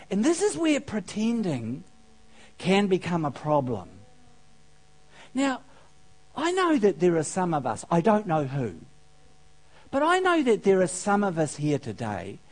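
A man speaks slowly in a high, slightly mellow voice, his pitch swooping wildly and long pauses falling between phrases. In his sermon he spins a funny parable, asks the congregation questions, and laughs at his own jokes.

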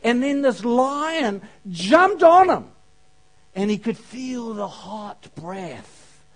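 A man preaching a sermon, telling a funny parable and asking the congregation questions. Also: sits high. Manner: storytelling, asks the audience questions, laughs at own jokes.

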